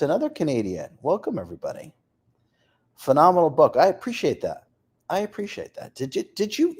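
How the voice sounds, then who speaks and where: Lively man chatting on a live stream. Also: fairly high pitch, moderate pace, pauses often, husky. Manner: lively, reads off places and names, laughs often. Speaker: author hosting a live stream. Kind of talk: casual live-stream chat reading out viewer comments.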